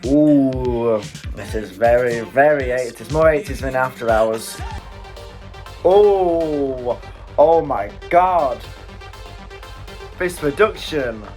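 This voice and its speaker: A British man chats through a music reaction with easy excitement, breaking into quick exclamations and chuckles. His voice sits at an ordinary middle pitch. A little music plays faintly behind him. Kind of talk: casual music reaction commentary. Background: faint music playing.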